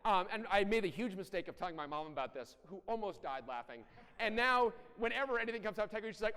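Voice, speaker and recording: A middle-aged man giving a conference talk, animated and blunt, with self-deprecating asides and occasional profanity. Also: high voice, fast. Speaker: conference speaker. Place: large conference hall. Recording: echoey hall.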